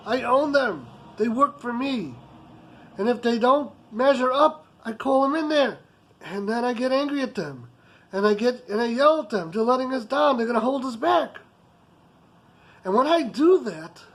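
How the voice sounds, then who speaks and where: A man's voice: very high voice, a bit bright, low-quality recording. A man voicing a rich, hot-tempered business boss who talks in an intense, emphatic way.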